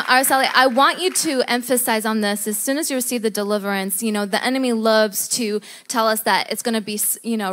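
A woman with a slightly high voice leads a church testimony interview. She speaks emphatically in a preacherly way, often calling out amens between her questions. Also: a bit bright.

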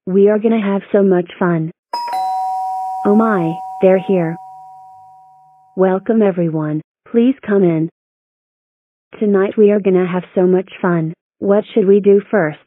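A woman's voice: mid-range voice, a little slow, long pauses, dry recording, phone-quality sound. A woman voicing a bratty sulking clone girl. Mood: scheming. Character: bratty girl clone who sulks and schemes. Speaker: narrator and lead character.

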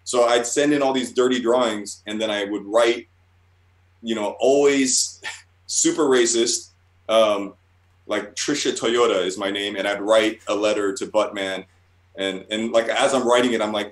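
A man's voice: lowish voice, fairly even intonation, normal speed. A man, a guest cartoonist, telling loose and profane stories in a casual interview and laughing at himself. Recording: roomy echoey room.

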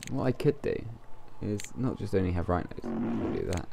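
A man with a low, gravelly voice rambles through casual gameplay commentary, thinking aloud as he plays. His pitch swoops widely from line to line, and a faint hiss sits under the recording. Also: huge pitch swings, brisk, few pauses, mellow. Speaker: let's play gamer.

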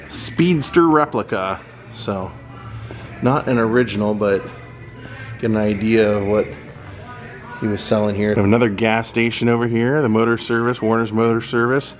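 A man's voice: lowish voice, moderate pace, long pauses, faint music behind. A man giving a casual, admiring walking tour of a car museum, thinking aloud as he goes. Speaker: vlogger touring a car museum.

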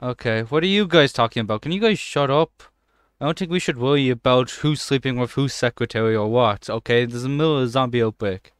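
Excitable young man, smooth voice. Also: mid-range voice, fairly quick, no echo, clean studio sound. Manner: excitable, swears often, jokey running commentary. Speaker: gaming channel host. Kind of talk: let's play commentary.

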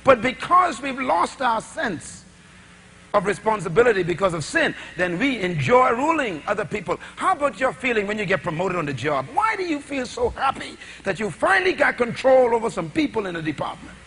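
A middle-aged man preaching, his voice sitting very high and jumping all over, from shouted peaks down to near-whispered asides. He fires off rhetorical questions. The tone is bright and forceful, with a faint hiss of noise behind. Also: big pitch swings, a little fast. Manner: dramatic, sweeping swings between shouting and hushed asides, rhetorical questions. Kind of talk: sermon.

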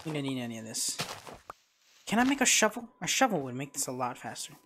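A man giving casual let's-play commentary as a streamer, reacting loudly to the game at a home streaming mic. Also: mid-range voice, big pitch swings, fast talker, slight background noise. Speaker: gaming streamer.

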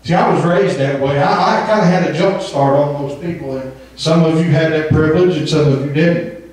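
A man's voice: a little high, brisk, darkish tone. A man, preaching a fervent sermon full of amens and occasionally singing a phrase. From Southern Indiana. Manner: fervent, emphatic preaching with frequent amens, breaking into sung phrases. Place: church sanctuary. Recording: echoey church hall from far off.

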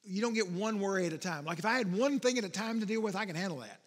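High-voiced preacher man in reverberant church. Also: animated. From Texas. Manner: conversational, asks congregation questions, stretches key words slowly. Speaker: pastor. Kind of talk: sermon. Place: church sanctuary.

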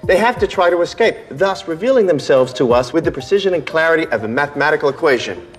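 A man's voice: a little high, animated, quick pace, long reverb tail, close to an everyday voice. Actor playing a teasing, cocky male consultant. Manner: teasing, breezy, coaxing. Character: playful, cocky male consultant who tricks people. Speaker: police consultant. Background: faint film score music.

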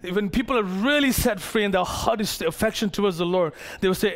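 A man preaching a sermon as pastor to his congregation, animated, acting out the characters of the story and joking with the crowd. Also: sits high, brisk. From Malaysia. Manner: playful asides to the congregation.

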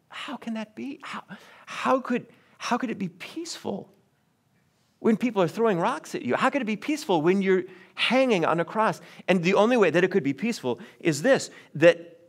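Pastor, man, higher-pitched voice, earnest sermon delivery with wry asides. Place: church sanctuary.

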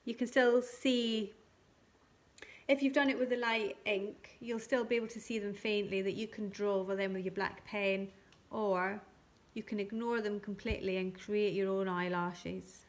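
A woman teaching colouring and shading on a live stream, talking gently step by step and thanking viewers by name. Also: mid-range voice, fairly even intonation, normal speed. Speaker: craft tutor.

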